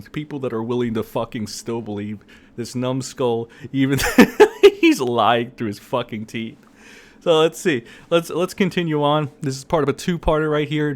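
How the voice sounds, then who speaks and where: A man's voice: medium pitch, darkish tone. A man ranting as an online commentator, sarcastic and profane, who often breaks into laughter.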